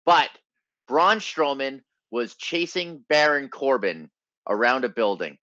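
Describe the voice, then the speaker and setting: A man's voice: medium pitch, sing-song, slow pace, bright, forceful tone, no echo. Laid-back man co-host, dull dry recording. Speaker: podcast co-host. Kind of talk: casual chat.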